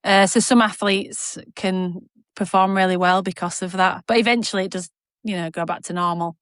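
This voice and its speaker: A talkative woman, rambling through her week with a self-mocking humour and quick laughs. Her voice sits at an ordinary pitch, recorded close and dry with no room sound. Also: fairly even intonation, a bit bright, dry recording. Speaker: podcast co-host. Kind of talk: casual chat.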